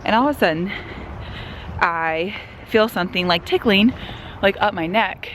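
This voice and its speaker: A woman's voice: medium pitch, normal speed. Pregnant young woman rambling thru a story on her vlog, lots of likes and ums, noisy background. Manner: chatty storytelling with many fillers. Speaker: vlogger. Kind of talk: casual vlog chat. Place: outdoors on a walk, then a home kitchen. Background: breeze outside, loud sizzling bacon in the kitchen.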